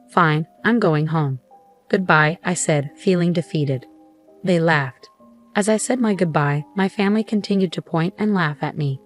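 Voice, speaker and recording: A woman narrating a first-person story in an even, plain storytelling delivery. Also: fairly low pitch.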